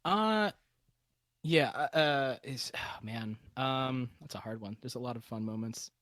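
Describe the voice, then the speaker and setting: A man's voice: medium pitch, measured pace, fairly bright tone, no room sound, studio quality. A man who runs tabletop games, chatting casually as a podcast guest. He laughs often and stumbles through restarts. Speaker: guest Dungeon Master.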